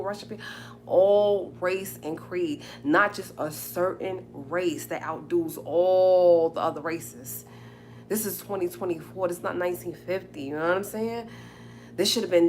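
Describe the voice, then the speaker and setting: A woman speaking on her own live stream in casual, direct talk to her viewers. She is emphatic and repeats herself to drive a point home, and her voice sits somewhat low. A faint hum runs underneath.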